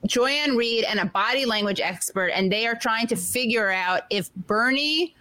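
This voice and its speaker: Sarcastic lady podcast host, animated casual chat, dry close sound. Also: on the high side, moderate pace, no room sound, low-quality recording.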